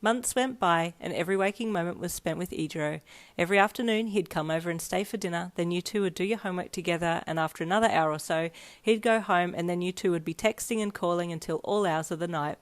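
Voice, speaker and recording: A woman narrating a fanfiction story aloud in a steady storytelling read. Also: on the low side, fast talker. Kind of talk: scripted narration.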